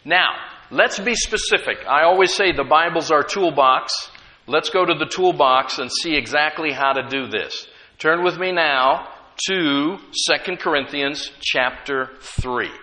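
Slow, bright-voiced preacher man. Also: fairly high pitch. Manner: emphatic, repeats phrases and leads the congregation in call-and-response. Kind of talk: sermon.

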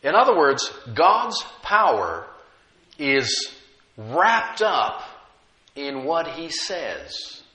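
A man preaching a sermon, emphatic and humorous, slowing down to stress key words. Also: a little high, sing-song, pushed and bright, echoey room, rough recording. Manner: emphatic, slows down to stress key words, chuckles at own jokes.

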